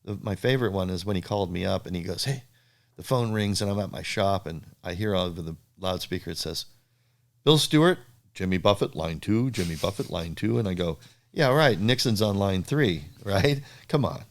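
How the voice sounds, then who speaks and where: A man's voice: low-pitched, a little fast. An older man, a surfboard shaper, animatedly telling stories in a casual interview and acting out other people's lines. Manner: animated storyteller who acts out other people's lines with a raised voice.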